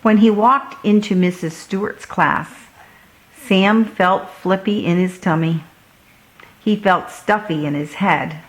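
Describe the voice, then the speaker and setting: A woman reading a children's picture book aloud in a gentle, clear storytelling manner. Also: medium pitch, slow, rough recording.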